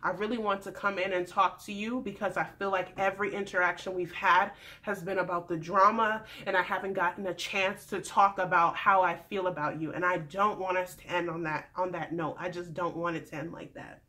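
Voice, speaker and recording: A woman imitating an earnest young man who pleads softly and insistently. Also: fairly low pitch, fairly even intonation, a little fast, few pauses, voice pushed down. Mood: pleading.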